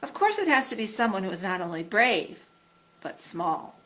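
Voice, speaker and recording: A woman reading a children's storybook aloud in an expressive storytelling manner. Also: medium pitch, moderate pace, rough recording. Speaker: storybook reader.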